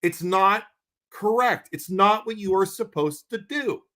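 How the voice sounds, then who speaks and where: A man's voice: high voice, a little slow. A married man co-hosting a podcast, ranting heatedly and bluntly, repeating himself when worked up. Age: adult with a wife. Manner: calms down when making announcements. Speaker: podcast co-host. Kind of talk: passionate podcast rant.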